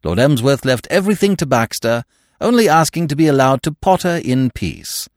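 A man narrating a classic comic novel in an expressive, wry storytelling manner. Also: medium pitch, moderate pace, dry recording, clean studio sound. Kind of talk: scripted audiobook narration.

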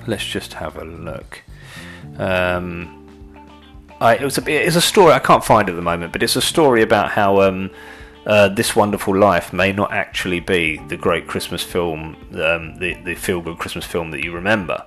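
A man's voice: sits low, normal speed, fairly bright tone, soft background music. A man ranting in a casual monologue, sweary and exasperated, rambling with restarts.

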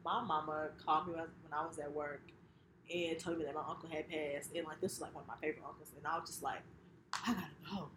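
A woman's voice: low-pitched, little pitch movement, fast talker. A woman co-hosting a casual chat, speaking reflectively with hesitant fillers. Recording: echoey room with faint noise.

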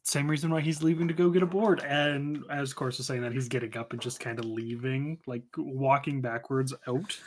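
A man's voice: mid-range voice, fairly even intonation, moderate pace, hardly any pauses. A man playing a tabletop roleplaying game, laid-back and joking with the others. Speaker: player.

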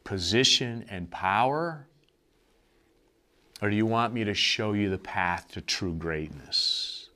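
A man voicing a calm teacher addressing his followers in a low, gentle, unhurried way. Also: full character voice.

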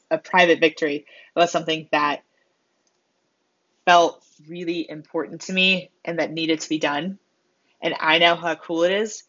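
A woman delivering a motivational monologue, expressive and self-mocking, acting out the voices she quotes. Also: low voice. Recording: slightly dull lo-fi sound.

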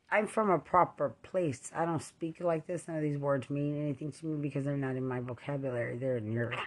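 This is a middle-aged veteran from Texas in an angry monologue. The voice sits at a mid-range pitch and stays accusatory throughout. The talk rambles and keeps repeating the same charges. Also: slight background noise. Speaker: army veteran.

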